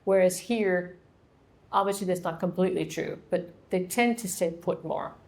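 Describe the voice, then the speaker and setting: A woman's voice: fairly low pitch, moderate pace, vocal fry, a little mellow. A middle-aged woman from Ohio, chatting as an author at her book launch and answering questions with laughs and little acted-out dialogues. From Ohio, USA. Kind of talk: casual Q&A talk.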